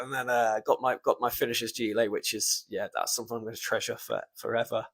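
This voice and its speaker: A man's voice: medium pitch, fairly even intonation, a little fast. Young male podcast host, casual solo storytelling, emotional and near tears, rambling with frequent swearing. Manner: emotional, swears often, trails off with ums. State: choked up, close to tears.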